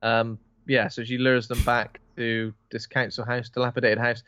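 A man's voice: medium pitch, flat delivery, normal speed, few pauses, pushed and bright, smooth, no echo. Man, podcast cohost, rambling sweary film talk, dull dry recording. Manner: rambling, swears freely, acts out lines. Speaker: podcast co-host. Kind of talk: casual film chat.

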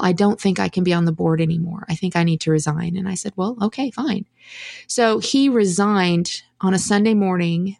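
A woman's voice: lowish voice, no room sound, clean studio sound. A middle-aged woman, a podcast guest telling her story in a candid, reflective way with restarts. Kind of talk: conversational storytelling.

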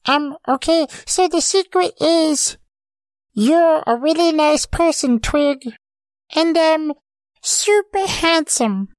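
A woman's voice: high-pitched, expressive, slow, dry recording, rough recording. A woman voicing an eager, childlike male forest creature who tells stories in a rambling, hesitant way full of ums. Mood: earnest. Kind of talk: comedic audio drama.

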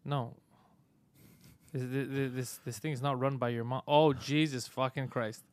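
Animated, profane man on a live stream. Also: medium pitch, measured pace. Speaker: podcast host. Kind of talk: casual live-stream chat.

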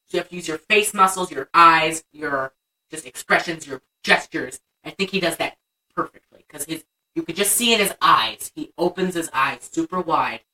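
A woman's voice: low-pitched, moderate pace, bright, forceful tone, distant mic, rough recording. A young woman co-hosting a casual chat, animatedly retelling a movie scene and acting out the lines. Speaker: podcast co-host.

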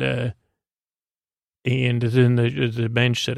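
A man hosting a sleep story podcast, narrating an improvised bedtime story in a meandering, halting way full of fillers. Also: medium pitch, completely flat delivery, creaky, no echo, clean studio sound.

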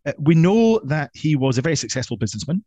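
A man, a guest telling a history story in a lively, playful and emphatic way. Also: on the high side, fast, no echo.

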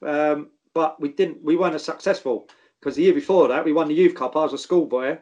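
Middle-aged South London man, ex-footballer, animated and sweary storyteller, slightly high voice. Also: fairly quick, lo-fi sound. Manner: animated, swears, mimics others in stories. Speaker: guest, former footballer. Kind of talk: casual storytelling chat.

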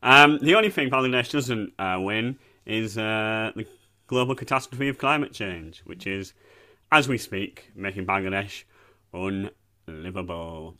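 A man's voice: fairly low pitch, lively intonation, a little slow, pushed and bright. A man co-hosting a comedy podcast, rambling and self-mocking with frequent laughter. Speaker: podcast co-host. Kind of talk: comedic banter.

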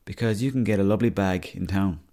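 A man's voice: deep voice, fast talker, mellow. A young Irish man hosting a podcast, telling rambling, sweary comic stories. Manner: swears freely, storytelling. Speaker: podcast host.

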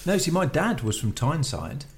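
A man's voice: a little high, sing-song, brisk, gravelly. Man chatting on a podcast. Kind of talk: casual podcast chat.

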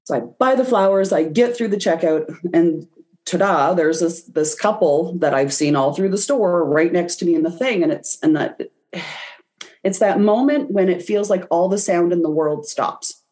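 A woman's voice: fairly low pitch, normal speed, warm tone. A woman guest in an interview, telling a personal story and acting out her own reactions as she goes. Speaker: guest, intuitive reader.

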